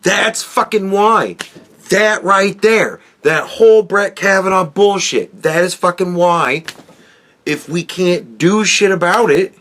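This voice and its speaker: A man with a slightly higher voice delivers a casual podcast monologue. He rambles, swears freely and often stumbles and restarts his sentences. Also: takes it slowly, fairly bright tone. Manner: profane, rambling, with frequent restarts. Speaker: podcast host.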